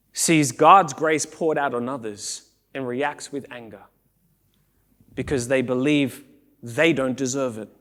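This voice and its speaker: A male pastor preaching a sermon in a church, animated, acting out the people he quotes and rising to shouts. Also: a little high. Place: church sanctuary.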